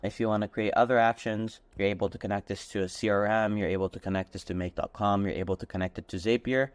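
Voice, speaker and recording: A man hosting a casual tutorial, walking through software step by step and stringing steps together with "and then". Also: fairly low pitch, steady tone, quick pace, smooth, no room sound. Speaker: tutorial host. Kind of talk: screen-recorded software walkthrough.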